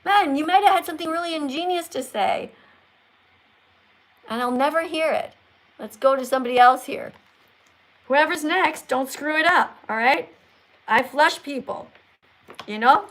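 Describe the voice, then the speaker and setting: High-voiced teasing woman in her sixties. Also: normal speed, pauses often, a bit bright. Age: 60s. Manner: teasing, chatty, reads viewer comments aloud. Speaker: livestream host. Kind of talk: casual livestream chat.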